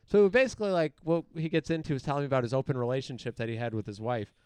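A man's voice: medium pitch, racing, smooth, no echo. A man telling a story in a casual podcast chat, acting out the people in it. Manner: animated, acts out the people in his story. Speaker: podcast host.

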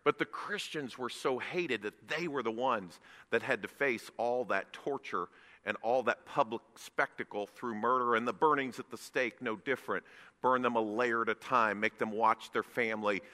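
A man preaching a sermon in a church, emphatic and rising to loud bursts. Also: medium pitch, normal speed, long reverb tail. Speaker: guest preacher. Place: church sanctuary.

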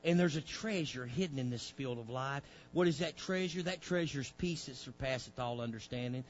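A man's voice: medium pitch, a little fast, dull audio, a little hiss or hum. A male preacher, delivering a fiery sermon with folksy grammar, directing a reader and acting out pleading voices.

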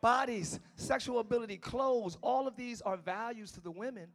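A male pastor preaching a passionate sermon, swinging between shouting and hushed tones and talking straight to the congregation. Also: very high voice, moderate pace. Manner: talks directly to the congregation, calling them y'all.

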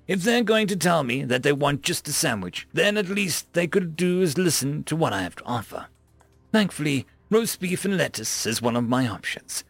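A man's voice: fairly high pitch, gravelly, fairly bright tone, breathy edge, no room sound. A man narrating a first-person story with dry, mock-dramatic glee.

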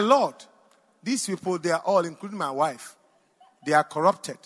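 A man preaching a sermon, telling a personal story with sudden shouts and bursts of laughter. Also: high voice, lively intonation, moderate pace, pauses often. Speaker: pastor.

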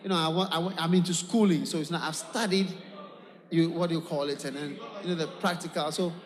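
A man's voice: a little high, fairly even intonation, fairly quick, in a large hall, voice pushed down, lightly acted. A man playing an evasive young man back home from abroad, boasting with rambling, stammering excuses. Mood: boastful.

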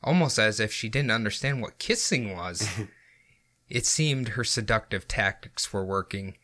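A man's voice: on the low side, animated, measured pace, bright, forceful tone. A man hosting a podcast, reading out a story in a casual way and laughing often. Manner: giggly, often laughing through his reading. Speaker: podcast host and story narrator.

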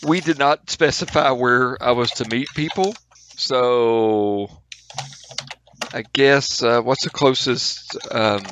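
A man playing a tabletop game casually, relaxed and a bit hesitant. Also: medium pitch, slow pace, slight background noise. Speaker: player.

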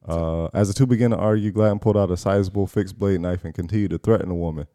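A man's voice: low-pitched, steady tone, fast talker, dark tone, dry recording, studio quality. A man reading out news stories to friends in a laid-back group chat. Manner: reads headlines aloud, laid-back.

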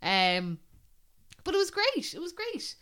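A woman's voice: extremely high pitch, huge pitch swings, slow pace, pushed and bright. A young Irish woman hosting a podcast, telling a long personal story in a rambling, casual way full of "like". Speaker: podcast host. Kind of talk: casual chat.

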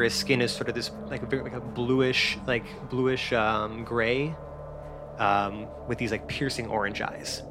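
A man narrating a tabletop game as game master, rambling with lots of fillers. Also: medium pitch.

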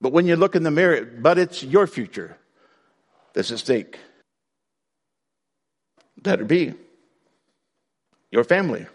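A man preaching a sermon to his congregation in a conversational way, breaking now and then into loud outbursts. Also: a little high, sing-song, unhurried, long pauses, slightly rough, long reverb tail. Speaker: pastor.

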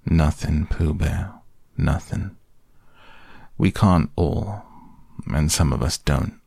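A man's voice: a bass voice, takes it slowly, gravelly, darkish tone, husky, no room sound, studio quality, heavily acted. A man voicing a gloomy, self-pitying old grey male donkey in a storybook reading.

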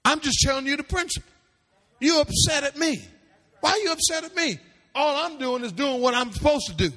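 A man preaching a Bible class with animated calls to the audience and sing-song lines that rise into shouts. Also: extremely high pitch, a little fast. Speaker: pastor teaching a seminary class. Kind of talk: preaching-style Bible teaching. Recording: long hall reverb.

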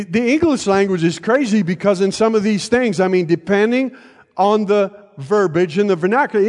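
A fairly high-voiced older man preaching in a church, his words trailing into a long hall reverb. He keeps it conversational, dropping jokes and checking whether his listeners are still with him. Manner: conversational, joking asides, checks in with the congregation. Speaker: pastor. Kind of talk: sermon. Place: church sanctuary.

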